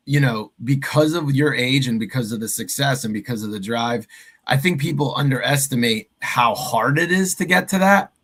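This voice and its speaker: A man hosts a podcast, asking probing questions and nodding along in casual conversation. His voice is bright and forceful. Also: mid-range voice. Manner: probing, affirming interviewer. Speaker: podcast host. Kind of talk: casual interview chat.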